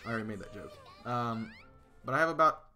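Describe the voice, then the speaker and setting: A bright, forceful male voice chatting loosely with his live chat as he plays a game. He rambles through stories and answers viewers, stumbling over restarts and fillers. Faint music plays underneath. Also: medium pitch, expressive, fast talker. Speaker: streamer. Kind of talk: casual live-stream chat.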